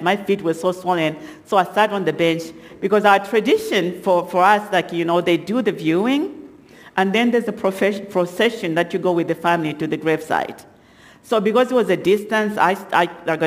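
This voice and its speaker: A middle-aged woman giving a sermon testimony as guest speaker, telling stories with halting restarts and lively acted quotes. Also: lowish voice. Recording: long hall reverb.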